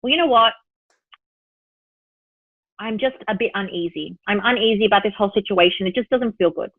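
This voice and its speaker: A woman spiritual teacher, a podcast guest, telling an example story in a lively way and voicing her own thoughts. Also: medium pitch, brisk, no room sound. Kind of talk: podcast interview. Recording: tinny phone-line sound, dry.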